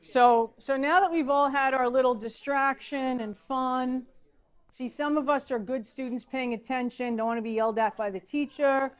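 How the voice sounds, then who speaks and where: A middle-aged woman, a teacher giving a lecture full of lively anecdotes and excited asides. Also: high-pitched, moderate pace. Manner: animated storytelling, excitable asides.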